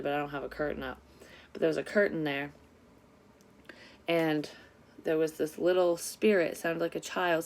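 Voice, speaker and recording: A woman, a psychic reader telling a story in a casual tarot vlog, candid and quick to swear. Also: fairly low pitch, vocal fry, a little mellow.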